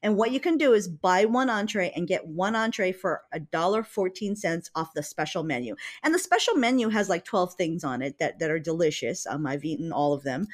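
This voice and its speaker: Playful punny woman from hawaii, casual cohost chat, laughs a lot, middle pitch. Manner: giggly, playful, punning. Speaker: co-host of a local events segment.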